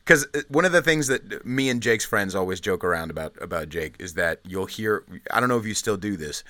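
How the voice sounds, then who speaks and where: A man hosting a casual chat with a friend, laid back and quick with short agreements. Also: lowish voice, expressive, pushed and bright, no echo. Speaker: podcast host.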